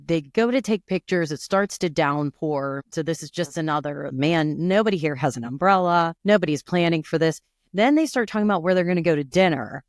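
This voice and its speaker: A woman in her forties co-hosts a podcast and tells stories in an animated, chatty way, slipping into the voices of the people she describes. Her pitch jumps around a lot, and her voice sounds dry and close to the mic. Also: brisk, no room sound. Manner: animated storytelling, acts out quoted voices. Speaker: podcast co-host. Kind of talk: casual chat.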